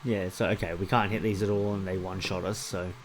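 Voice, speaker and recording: A man's voice: sits low, flat delivery, fast talker, a little hiss or hum. A young man giving sarcastic, swear-heavy commentary while playing an old game, mocking its clumsy translation. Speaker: gaming video creator. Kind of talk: commentary over gameplay.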